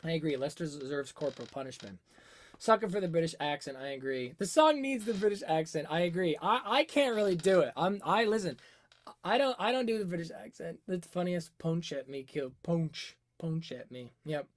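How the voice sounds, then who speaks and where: A man talking through a song on a casual livestream, his pitch swinging freely up and down as he thinks aloud. He reads out the chat, answers it, and now and then hums a melody over a webcam setup. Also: expressive, a little fast. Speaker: music analysis livestream host.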